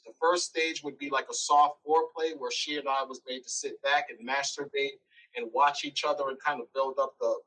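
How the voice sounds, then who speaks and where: A man as an interview guest telling a personal story, animated, acting out quoted lines. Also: medium pitch, far from the mic, low-quality recording.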